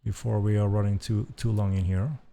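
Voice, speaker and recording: A man's voice: on the low side, little pitch movement, a little fast, gravelly, mellow. A man hosting a game developer stream, giving enthusiastic live commentary as he plays and repeating his praise. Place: at a computer playing the game.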